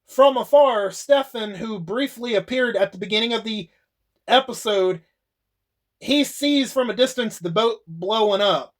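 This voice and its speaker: Male YouTube reviewer with a high voice, loose and chatty, swears freely, restarts sentences. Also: a little slow. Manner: rambling, swearing, frequent laughs and restarts. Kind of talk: casual spoken episode recap.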